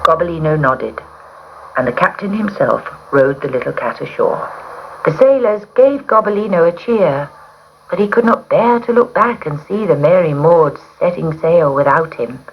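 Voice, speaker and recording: A woman's voice: low voice, lively intonation, normal speed. A woman reading a children's story aloud with dramatic expression, on a muffled recording with hiss.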